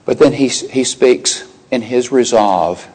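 A man, older, preaching a sermon, animated, rising sharply in pitch when quoting and exclaiming. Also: slow, husky, poor audio.

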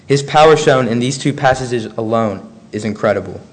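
A man delivers a sermon, stopping to read long scripture passages aloud. His delivery is measured and earnest. His pitch sits in the middle range for a man. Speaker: preacher.

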